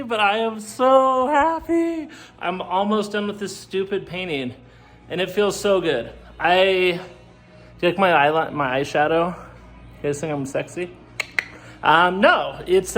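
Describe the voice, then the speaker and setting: A man chatting casually and excitedly as he shows his car restoration work, joking along the way. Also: high-pitched, measured pace, pauses often, faint music behind. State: out of breath. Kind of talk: casual vlog commentary.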